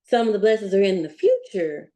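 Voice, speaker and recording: A woman in a group discussion, working through her question out loud in a thoughtful way. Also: mid-range voice, wildly swooping pitch, brisk. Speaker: class participant.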